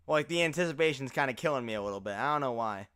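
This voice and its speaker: Young man, livestreamer, bright lively voice, dry close sound, tired but excitable. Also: mid-range voice, racing, clean tone, dry recording. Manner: excitable, laughs often, uses fillers like bro. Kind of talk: casual live reaction chat.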